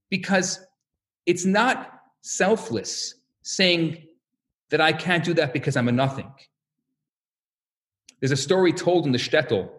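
A man teaching a religious lesson in an animated, storytelling way, acting out voices and asking rhetorical questions. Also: a little high. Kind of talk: animated sermon-style lesson.

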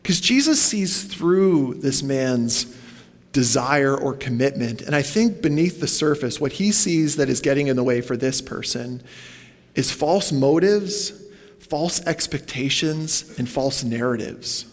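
A man's voice: medium pitch, animated, measured pace, in a large hall. A man preaching a sermon in a church, talking casually and putting questions to the congregation. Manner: conversational, asks the congregation questions, goes off on tangents. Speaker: pastor.

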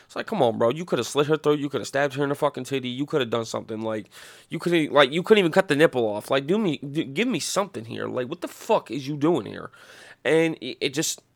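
Gravelly, foul-mouthed man ranting. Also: mid-range voice, fast. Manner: animated, swears constantly, rambling with restarts. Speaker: podcast host. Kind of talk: casual profane rant.

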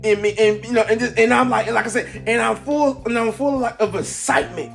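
A man hosting a casual, upbeat motivational talk, rambling excitedly with lots of fillers. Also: very high-pitched, fast, creaky, faint music behind. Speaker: podcast host. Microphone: camera mic.

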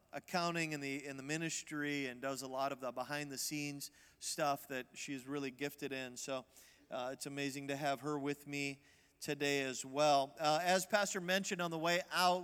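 A man preaching as a visiting evangelist in a church, lively and calling for the crowd's responses. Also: on the high side, clear, resonant tone, big-room sound. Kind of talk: sermon.

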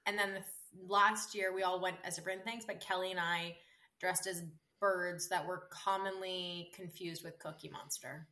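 Young woman co-host, bright and forceful, teasing and animated in casual chat. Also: lowish voice, normal speed. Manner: animated, teasing, mock-outraged. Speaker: podcast co-host. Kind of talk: casual chat between friends.

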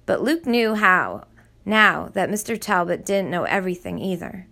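A woman narrating a novel chapter in a steady, measured storytelling voice. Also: fairly low pitch, vocal fry. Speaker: audiobook narrator. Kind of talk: scripted narration.

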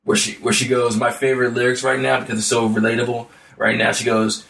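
A man's voice: mid-range voice, completely flat delivery, fast talker, vocal fry, few pauses, fairly bright tone, roomy sound, distant mic. A man co-hosting a casual music podcast, rambling with many fillers and restarts. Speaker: podcast co-host.

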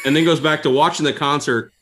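A man telling stories in a casual interview, animated and laughing as he goes. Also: a little high, fairly quick, slight background noise. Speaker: guest. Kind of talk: casual storytelling.

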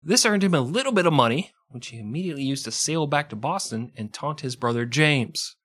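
A man's voice: fairly high pitch, animated, fairly quick, a bit bright. A man co-hosting a casual comedic history podcast, reading out the story and joking and laughing often. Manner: jokey, laughs often, slips into silly accents. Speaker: podcast co-host.

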